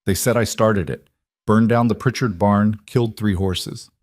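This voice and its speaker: A man's voice: lowish voice, steady tone, measured pace, darkish tone, no room sound, studio quality, natural voice. A man voicing a weary mountain recluse who speaks in plain, blunt statements.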